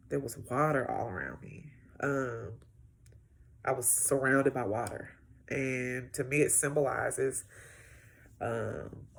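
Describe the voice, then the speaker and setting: A woman's voice: extremely low pitch, vocal fry. A woman sharing a personal healing testimony in a vlog, talking to viewers in a reflective, emotional way. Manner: slow, reflective, emotional, talks straight to viewers. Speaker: healing client giving a testimony.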